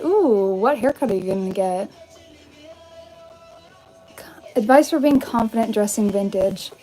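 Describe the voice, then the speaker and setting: This medium-pitched, slightly mellow voice belongs to a young vintage fashion YouTuber hosting a casual live-stream Q&A. Upbeat and heavy on likes and ums, she holds her phone at arm's length in a bedroom with a vanity. Faint music sits in the background of the poor audio.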